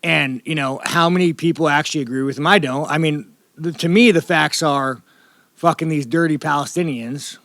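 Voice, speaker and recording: At a media day press scrum, a U.S. professional fighter speaks at a moderate pace in a voice on the high side and a bit bright. His talk is blunt, rambling and full of profanity, recorded with clean studio sound and no echo.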